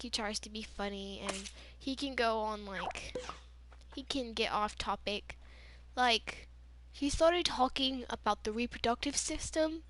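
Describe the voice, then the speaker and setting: A woman's voice: a little high, a bit bright, no echo. A teenage girl telling a rambling, giggly story in a casual chat, full of "like" and "you know.". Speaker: gaming channel host.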